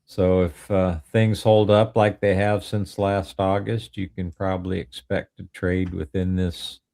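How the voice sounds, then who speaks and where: A man's voice: low-pitched, unhurried, gravelly. A man co-hosting a stock live stream, methodically reading off chart indicators and trends. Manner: steady, methodical readout of indicators. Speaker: co-host, technical analyst. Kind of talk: technical chart commentary.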